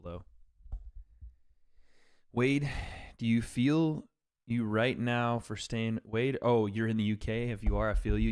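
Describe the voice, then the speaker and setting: A man hosting a casual livestream, reacting to fights and joking with chat in a rambling way. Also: lowish voice. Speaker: livestream host reading chat. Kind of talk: casual live commentary on fights.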